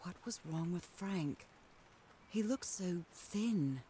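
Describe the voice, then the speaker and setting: A woman's voice: fairly low pitch, slow pace, low-quality recording. An actress voicing a curious 1930s woman explorer in a video game, thinking aloud to herself as she searches for her husband. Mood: musing. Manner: thoughtful, talks to herself. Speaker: game protagonist. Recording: game audio with steady background noise.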